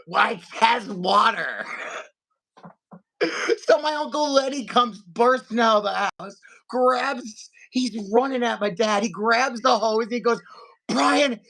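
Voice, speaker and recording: Gravelly-voiced man telling a wild story. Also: very high voice, slow. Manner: animated storyteller, acts out family members' voices. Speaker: podcast co-host. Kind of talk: casual storytelling chat.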